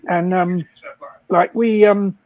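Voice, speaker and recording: A man's voice: high voice, fairly even intonation, takes it slowly, phone-quality sound. An older man casually telling rambling stories, laughing often at his own jokes. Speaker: guest storyteller.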